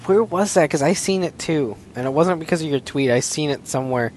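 A man's voice: fairly high pitch, brisk, darkish tone. Sarcastic man with faint hiss. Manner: sarcastic, laughs often. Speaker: podcast co-host. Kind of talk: casual chat about cartoons.

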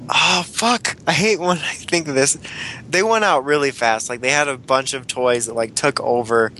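Bright-voiced young man chatting casually. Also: mid-range voice, normal speed, a little hiss or hum. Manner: rambling, swears, laughs often. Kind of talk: casual chat.

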